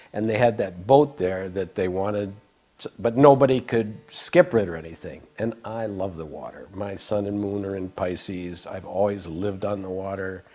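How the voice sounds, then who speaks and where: An older man casually recounting a personal memory, rambling with frequent restarts, stammers and soft laughs. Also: fairly low pitch. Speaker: devotee recalling memories. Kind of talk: casual storytelling.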